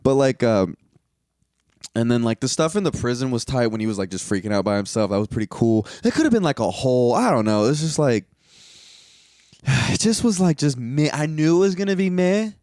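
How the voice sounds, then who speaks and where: A young man rants through a casual movie review, swearing freely and rambling through fillers. His pitch swings all over the place. The sound is dry, with no room around it. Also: sing-song, brisk, darkish tone, dry recording. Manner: profane, rambling, full of fillers, mocks scenes in high put-on voices.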